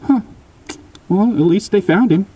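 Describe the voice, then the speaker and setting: A man voicing a shifty old man who answers slowly and evasively, with hesitant drawls. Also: high-pitched, dark tone, pitched above the performer's own voice. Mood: unbothered.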